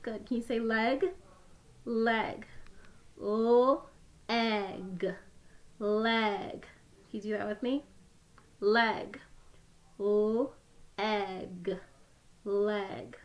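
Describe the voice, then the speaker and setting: A young woman leads a phonics lesson for small children. Her voice sits a little high, and she talks slowly in an encouraging, sing-song teacher manner. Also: fairly even intonation.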